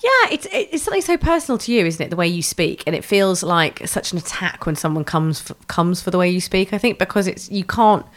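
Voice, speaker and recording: Low-voiced thoughtful woman. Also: fairly quick, hardly any pauses. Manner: thoughtful, musing, expressive. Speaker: podcast co-host. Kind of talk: casual chat.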